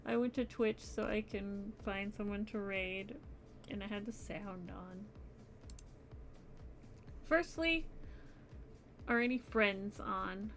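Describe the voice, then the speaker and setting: Sleepy slow-talking woman streamer. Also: mid-range voice, a bit bright, soft background music. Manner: sleepy, yawning, chatty. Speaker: crochet streamer. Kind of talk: casual live-stream chat.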